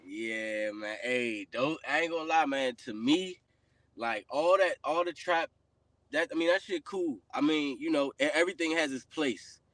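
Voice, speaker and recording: A man hosting a casual podcast chat, his voice sitting a little high for a man. He rambles through loose, filler-heavy thoughts and often trails off softly. The sound is dry and close, with no room around it. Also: moderate pace, dry recording. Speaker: podcast host.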